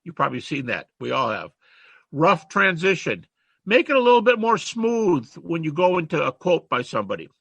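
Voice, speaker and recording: A man's voice: on the high side, sing-song, a little fast, vocal fry, hardly any pauses, husky, no echo. An older man giving an informal, conversational lecture to students, with emphatic quoting and asides. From United States.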